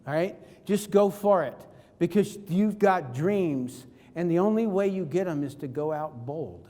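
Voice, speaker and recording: A man delivers a storytelling keynote, his fairly high voice carrying the lively back-and-forth of the conversations he acts out. The sound rings with the long reverb of a large hall. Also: measured pace. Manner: animated, acts out dialogue in his stories. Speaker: motivational speaker. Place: large event hall on stage.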